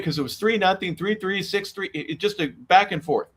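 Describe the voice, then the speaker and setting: A sports radio host with a slightly high voice chats eagerly with his guest. He recounts anecdotes in a loose, casual way. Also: a little fast, fairly bright tone. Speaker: radio talk show host.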